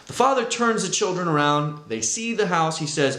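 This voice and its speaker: Guy telling his story on a vlog, lively up and down, echoey room. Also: on the high side, fairly quick. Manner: conversational, animated storyteller. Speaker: vlogger sharing his testimony. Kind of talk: personal testimony vlog.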